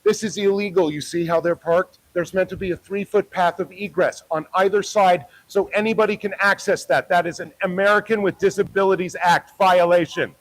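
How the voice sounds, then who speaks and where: A man with a high, raised voice confronts people outdoors, taunting and swearing as he films on a handheld camera. His talk is a steady stream of jeering challenges in a street livestream. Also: fairly quick, few pauses, rough recording. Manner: heckling, profane, taunting. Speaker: protest livestreamer. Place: outdoors by a parking lot.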